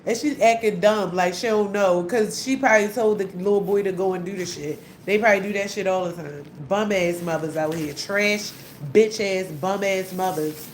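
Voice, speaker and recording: A young woman rants bluntly and heatedly, swearing often and circling back over the same points. Her voice sits at an ordinary middle pitch and bounces around a roomy, echoing space. A faint background hum sits beneath her. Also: moderate pace. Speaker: vlogger. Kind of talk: angry profane rant. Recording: echoey room with faint hum.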